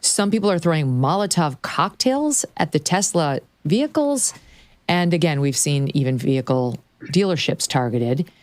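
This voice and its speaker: A woman hosting a political talk show, brisk and sardonic as she sets up clips. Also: low-pitched, animated, no echo.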